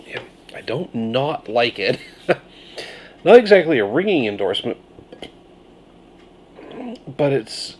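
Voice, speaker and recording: A man reviewing a beer on his video channel, musing through his tasting notes with pauses and thoughtful hums. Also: medium pitch, slight background noise. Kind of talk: casual beer review vlog.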